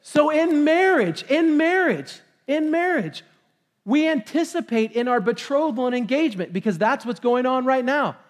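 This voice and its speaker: A man with a very high voice delivers a church sermon, reading scripture aloud and breaking into excited shouts before calming himself back down. He preaches in an energetic, emotional way. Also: normal speed. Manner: excitable, bursts into shouts then reins himself in. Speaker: pastor. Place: church sanctuary.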